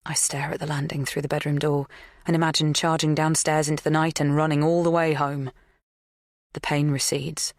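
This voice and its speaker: A woman narrating a first-person psychological thriller in a measured, tense, intimate way. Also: sits low, flat delivery, dry recording, clean studio sound. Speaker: audiobook narrator.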